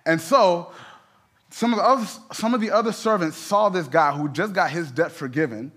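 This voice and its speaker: Man preaching a lively conversational sermon. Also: high-pitched, moderate pace. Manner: conversational preaching, rising to emphatic peaks. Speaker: pastor.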